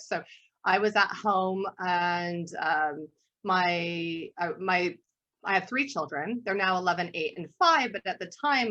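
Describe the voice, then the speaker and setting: A woman art therapist giving an online workshop talk, telling stories in an animated way and often laughing. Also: lowish voice, lo-fi sound. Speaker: guest art therapist presenter.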